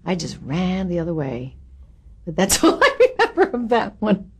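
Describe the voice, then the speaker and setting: A woman's voice: mid-range voice, moderate pace, husky. Candid older woman reminiscing. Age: 70s. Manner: candid and wry, with lively asides. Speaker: actress interviewed about her career. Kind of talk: reminiscing interview.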